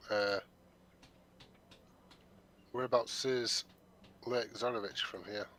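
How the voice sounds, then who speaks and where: A man playing a tabletop game who asks soft, hesitant questions. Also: medium pitch, fairly even intonation, extremely slow. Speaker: player.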